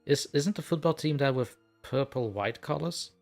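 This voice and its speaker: A man's voice: on the high side, lively intonation, normal speed, faint music behind. A man from Europe chatting as a podcast guest, joking and hedging his claims. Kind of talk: casual chat.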